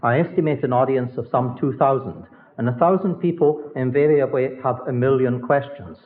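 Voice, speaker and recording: A man's voice: mid-range voice, moderate pace. A man chairing a lecture event in a large hall, introducing the next speaker formally with dry humor. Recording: tinny, phone-like old hall recording.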